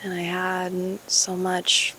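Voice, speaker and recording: A young woman talking candidly to her viewers in a vlog, musing slowly, laughing and swearing casually. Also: fairly low pitch, completely flat delivery, sharp tone, slight background noise. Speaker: spiritual YouTuber.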